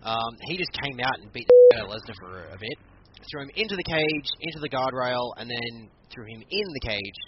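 Animated man recapping a match, lo-fi. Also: mid-range voice, fairly quick. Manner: animated, laughing, acts out quotes. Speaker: wrestling podcast co-host. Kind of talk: casual chat recapping a match. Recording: muffled lo-fi recording with clear background noise.

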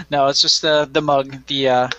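A man's voice: fairly high pitch, pushed and bright, dull audio, slight background noise. A man co-hosting a podcast, joking and playful in casual chat. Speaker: podcast co-host.

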